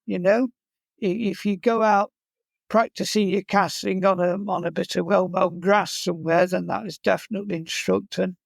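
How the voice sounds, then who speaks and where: A man's voice: sits high, fairly even intonation, moderate pace, gravelly, no room sound. A man who teaches fly casting and guides, chatting in an interview and telling humorous stories. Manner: humorous, anecdotal storyteller. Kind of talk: casual interview chat.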